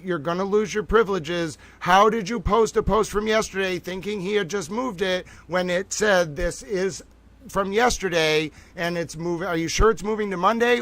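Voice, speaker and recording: A man hosting a live stream, talking in a theatrical, excitable way, piling up exclamations and repeating himself. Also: high voice, no room sound. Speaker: livestream host.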